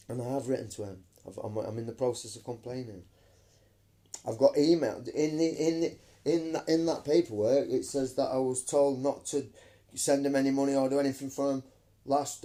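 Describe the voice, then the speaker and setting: A mellow, medium-pitched male vlogger rants emphatically into his phone camera during a live stream. He swears and keeps calling his listeners "mate."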